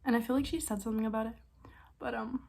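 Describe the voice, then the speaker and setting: A young woman vlogger telling stories in a casual, excitable way, with quick bursts and frequent laughs. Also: fairly high pitch, gravelly. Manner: excitable, fast bursts, lots of likes and laughs. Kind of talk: casual storytime chat.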